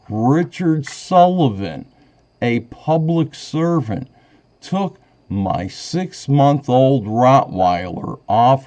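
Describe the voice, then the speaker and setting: A man's voice: medium pitch, dark tone. Rambling man on a dull phone call. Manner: rambling, agitated, wavering between indignation and choked-up emotion. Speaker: caller to a sheriff's office. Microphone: phone call recorded on his end.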